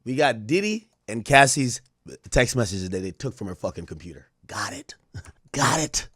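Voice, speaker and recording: A young man doing a livestream reaction, loud and profane, laughing and mocking as he reads texts aloud. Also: medium pitch, sing-song, moderate pace, husky, dry recording, studio quality. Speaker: streamer reacting to trial texts.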